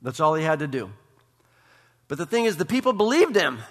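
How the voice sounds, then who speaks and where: A man's voice: fairly high pitch, big pitch swings, fairly quick. A man preaching a sermon as pastor, building passion with emphatic repetition. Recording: long reverb of a church hall.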